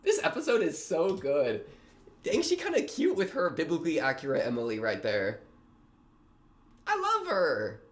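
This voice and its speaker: A man's voice: a little high, sing-song, a little fast. A young man hosting a reaction video, talking in a rambling, slangy way with lots of fillers. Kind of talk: casual reaction commentary.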